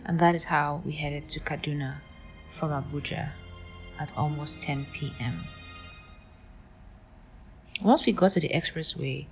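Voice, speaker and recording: A young woman from Nigeria telling a personal story in a wry, animated way. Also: sits low, unhurried, pauses often. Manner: wry, animated retelling with acted quotes. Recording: lo-fi with faint music.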